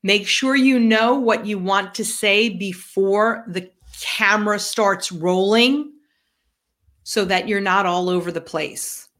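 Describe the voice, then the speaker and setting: A woman's voice: mid-range voice, slow pace, a bit bright. A woman with a New York accent co-hosting a podcast, giving direct coaching advice in a casual chat. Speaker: podcast co-host.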